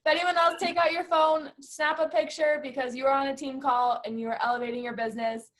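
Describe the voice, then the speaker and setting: A woman with a somewhat high voice hosts a team video call. She speaks casually and upbeat, cheering her team on. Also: little pitch movement, quick pace, fairly bright tone, a little hiss or hum. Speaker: team leader hosting the call.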